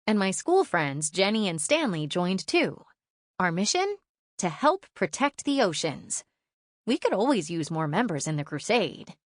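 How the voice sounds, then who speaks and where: A woman reading a children's audiobook aloud in first person, lively and expressive storytelling. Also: mid-range voice, measured pace, no room sound, studio quality. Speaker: audiobook narrator.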